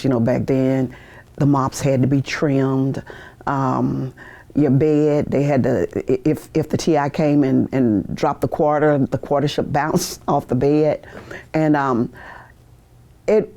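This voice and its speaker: A woman's voice: low-pitched, warm tone. An older woman in her sixties, a veteran, telling stories from her past in a recorded interview. She laughs often and acts out the people she quotes. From United States. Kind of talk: oral history interview. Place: university media studio.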